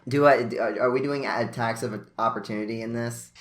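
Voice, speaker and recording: A man's voice: mid-range voice, steady tone, moderate pace. A man playing a tabletop game, asking questions and joking about his character. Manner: playful, questioning. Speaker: player. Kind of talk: casual tabletop game banter.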